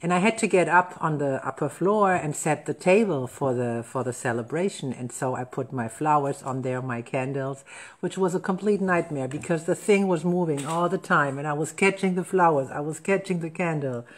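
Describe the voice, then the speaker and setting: A woman, a wedding celebrant hosting a casual talk show, telling an anecdote in a lively, self-correcting way. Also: low-pitched, moderate pace. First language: German. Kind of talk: casual storytelling chat.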